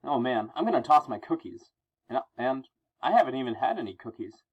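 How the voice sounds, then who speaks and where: A man's voice: medium pitch, big pitch swings, brisk. Man reading a jokey, frantic masked teen superhero, dull lo-fi sound. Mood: wisecracking. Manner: jokey, frantic, self-mocking. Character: young male masked superhero, wisecracking teen.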